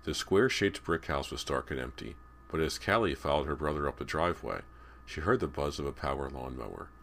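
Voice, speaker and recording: A man's voice: rumbling low, expressive, brisk, vocal fry, fairly bright tone. A man reading a young-adult horror novel aloud as an audiobook narrator. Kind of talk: scripted narration.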